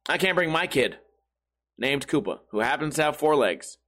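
A man hosting his own podcast, hoarse and with a failing voice, grumbling and cursing his way through a casual rant. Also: a little high, sing-song, normal speed, fairly bright tone. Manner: profane, grumbling, self-deprecating. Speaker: podcast host.

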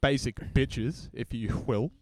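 A man's voice: medium pitch, takes it slowly, no room sound. An Australian man co-hosting a podcast in casual chat, ranting and often breaking off to restart a thought. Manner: animated ranting, self-interrupting. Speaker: podcast co-host.

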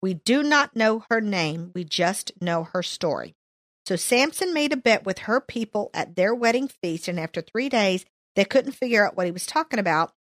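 A woman leads a casual Bible study, reading verses aloud and then commenting on them, with playful asides. Her medium-pitched voice is lively in intonation, a bit bright, and moderately paced, recorded dry with clean studio sound.

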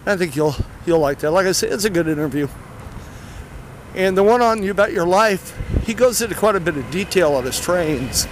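Guy walking outside by traffic, kinda out of breath, rambling and a bit high-voiced. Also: animated, normal speed. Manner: rambling, many fillers. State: a little out of breath. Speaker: podcast host. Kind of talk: casual spoken introduction. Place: outdoors near traffic.

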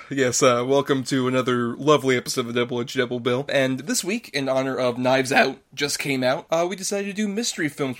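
A man co-hosting a movie podcast, chatting casually with playful banter and frequent laughter. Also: medium pitch. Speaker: podcast co-host. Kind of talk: casual chat.

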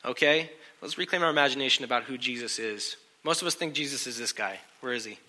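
A man preaching a sermon in a lively, joking way, often asking his listeners questions. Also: mid-range voice, fast. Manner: animated, joking, asks the crowd questions. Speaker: pastor.

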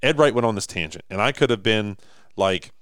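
Man, deep voice, smooth, close dry mic, casual podcast chat. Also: brisk, dry recording. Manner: animated storyteller, acts out quotes. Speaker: podcast co-host.

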